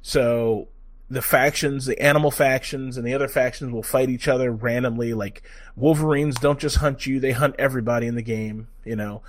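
A man giving a casual game review, excitable, swearing freely, full of fillers and restarts. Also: medium pitch, moderate pace.

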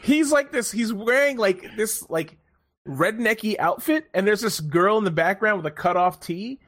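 A man hosting a casual podcast chat, telling stories in an animated way, swearing freely and laughing often. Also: sits high, moderate pace. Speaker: podcast host.

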